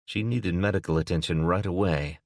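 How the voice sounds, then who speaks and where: A man narrating an audiobook in a steady, even manner. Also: sits low, brisk, no echo, studio quality. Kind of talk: scripted narration.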